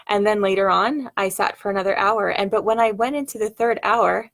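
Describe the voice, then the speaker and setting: Middle-aged woman vlogger with a creaky voice, heartfelt and meandering, lots of ums and what-ifs. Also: mid-range voice, steady tone, brisk. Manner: rambling, searching, many fillers and restarts; soft, heartfelt, wondering what-if questions. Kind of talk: personal reflective monologue to camera.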